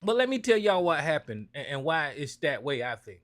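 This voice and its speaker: A man's voice: on the high side, very animated, normal speed, a bit bright. Profane ranting man. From North Carolina. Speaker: call-in show host. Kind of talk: casual political talk.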